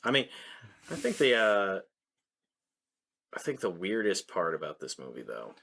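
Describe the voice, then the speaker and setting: A man's voice: low-pitched, wildly swooping pitch, unhurried, a bit bright. A man co-hosting a podcast, joking casually about a movie and chiming in with punchlines. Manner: joking, laughs, cuts in with punchlines. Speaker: podcast co-host. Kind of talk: casual movie review chat.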